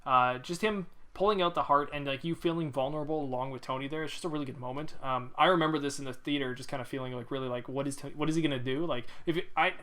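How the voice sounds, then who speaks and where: A man co-hosting a casual movie podcast, talking in an excited, rambling way with lots of fillers. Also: mid-range voice, fast, few pauses. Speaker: podcast co-host. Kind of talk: casual movie-review chat.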